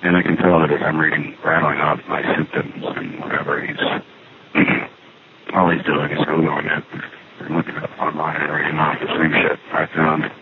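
A man's voice: very deep voice, completely flat delivery, normal speed. A man leaving a wry, meandering phone message from a payphone. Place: outdoor payphone. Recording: noisy tinny payphone line.

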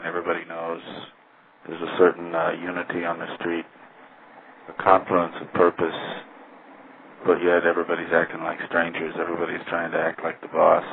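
A man's voice: sits low, creaky. A man calling from a street payphone, rambling wryly with profane asides about the city around him. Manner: wry, profane, meandering asides. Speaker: caller leaving phone messages. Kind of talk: rambling spoken diary from payphones. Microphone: payphone handset. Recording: tinny phone line with street noise.

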